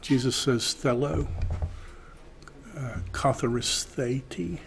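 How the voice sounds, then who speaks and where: A man teaching a Greek class, slowly reading Greek aloud and then translating it. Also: mid-range voice, gravelly, a little hiss or hum. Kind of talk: classroom lecture.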